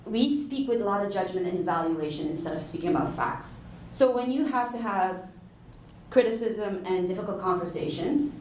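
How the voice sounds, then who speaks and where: A woman with a medium-pitched, slightly mellow voice gives an earnest explanatory talk to a room in a large conference hall. She sometimes corrects herself mid-sentence. She's heard from a distance in an echoey hall, with a little hiss or hum.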